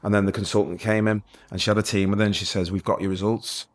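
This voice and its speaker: Middle-aged man, ex-police sergeant guest, rapid low-voiced storyteller. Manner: lively anecdotal, acts out dialogue. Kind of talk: casual storytelling interview.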